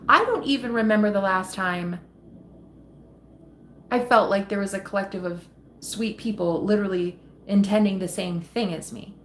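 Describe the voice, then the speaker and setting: A woman hosting a tarot live stream and chatting casually with her viewers. She is affectionate and quick to laugh, calls people sweetheart and honey, and swears freely. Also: mid-range voice, slight background noise.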